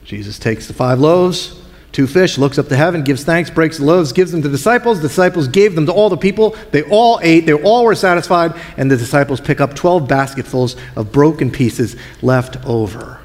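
A male pastor preaching a sermon, telling Bible stories in an expressive, colloquial way. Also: on the high side, moderate pace. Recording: long hall reverb.

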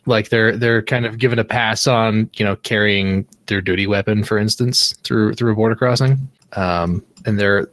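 A man from Canada with a fairly low voice talks through legal details in a relaxed podcast chat. He explains at length, restarting phrases as he goes, and the recording is dry and close. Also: normal speed, few pauses, no room sound. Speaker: podcast co-host. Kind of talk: casual chat about legal trivia.

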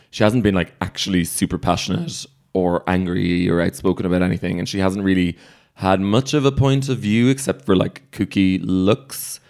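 A man's voice: sits low, darkish tone. Snarky man in a casual podcast chat. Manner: snarky, cheeky asides, laughs often. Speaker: podcast co-host. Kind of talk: casual chat recapping a TV show.

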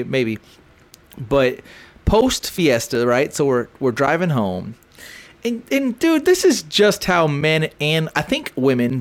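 Animated middle-aged man telling a bawdy story. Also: medium pitch. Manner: animated, swears freely, acts out quotes. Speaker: podcast co-host. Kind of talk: casual storytelling chat.

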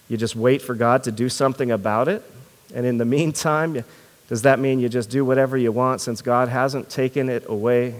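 Male pastor, sermon delivery, earnest and questioning, repeats words mid-thought, reverberant church hall. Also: mid-range voice.

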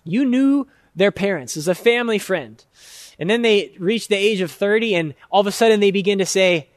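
A man's voice: sits high, no room sound, clean studio sound. A male pastor preaching a sermon in an earnest, emphatic way, stretching out key words and repeating phrases for weight. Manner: earnest, emphatic, drawn-out repetition.

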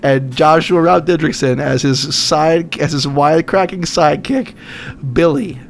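A man's voice: fairly high pitch, unhurried, gravelly, a little hiss or hum. A young man co-hosting a comedy podcast, riffing crude jokes and laughing often. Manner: laughing, riffing, swearing, silly bits. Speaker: podcast co-host.

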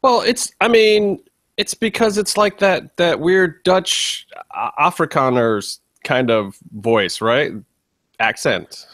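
A man's voice: a little high, takes it slowly, a bit bright, dry recording. A man co-hosting a podcast in casual chat, rambling and laughing easily. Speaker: podcast co-host.

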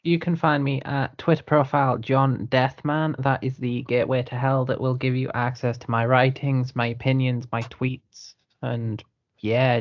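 Gravelly, sardonic podcast co-host man. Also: medium pitch. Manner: dry, sardonic. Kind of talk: casual chat. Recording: dull lo-fi podcast audio.

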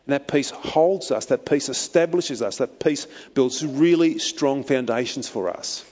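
A man's voice: mid-range voice, a little slow, a little mellow. A man preaching a sermon as pastor, earnest and emphatic, his voice lifting on key phrases. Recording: muffled, long hall reverb.

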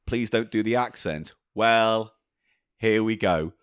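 A man's voice: lowish voice, expressive, unhurried, no echo, clean studio sound. A man with a southern English accent co-hosting a comedy podcast, joking around and reading listener letters aloud. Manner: jokey, playful, reads listener letters aloud. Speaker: podcast co-host. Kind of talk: casual comedic chat.

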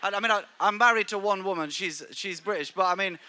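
A middle-aged male pastor preaching a sermon in a church, animated and joking, with stammered restarts. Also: high voice, quick pace.

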